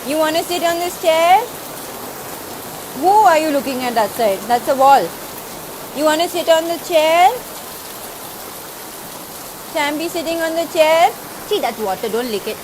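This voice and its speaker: Woman, casual live-stream chat, coaxing baby talk to a dog, high and unhurried, rain noise behind. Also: lively intonation. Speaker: live streamer chatting with fans. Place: at home by the rain.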